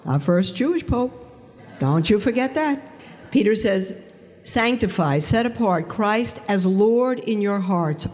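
Woman speaker, animated storyteller, mid-pitched, long hall reverb. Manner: animated storytelling, acting out quoted dialogue. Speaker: speaker giving a faith testimony. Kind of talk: storytelling talk to an audience.

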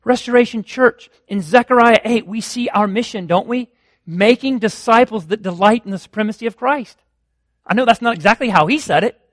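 A male pastor preaching with a high, ringing voice that climbs even higher as he stirs up his congregation. His sermon swings from quick asides to slow, emphatic declarations. The sound is dry and close, with no room echo. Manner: impassioned preaching, rising to loud exclamations.

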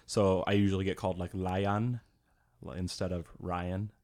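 A man's voice: low-pitched, flat delivery, quick pace, a little mellow. A young man in casual podcast chat, talking loosely with many "like"s and acting out quotes. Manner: chatty, full of "like", acts out quotes.

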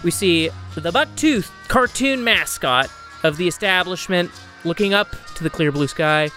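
Lively, bright game master narration. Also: mid-range voice, moderate pace, soft background music. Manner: vivid, playful, cinematic narration.

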